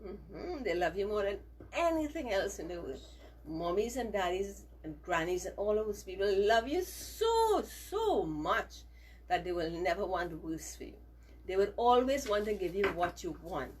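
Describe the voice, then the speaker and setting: A woman's voice: medium pitch, big pitch swings, normal speed, darkish tone, slight background noise, rough recording. A middle-aged woman teacher giving a values lesson to children, coaxing them to repeat phrases after her.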